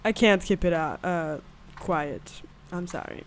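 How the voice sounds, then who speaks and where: A young woman commentating a horror game, swinging between shrieking panic and calm muttering and swearing a lot. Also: fairly low pitch, measured pace, slight background noise. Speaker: gamer.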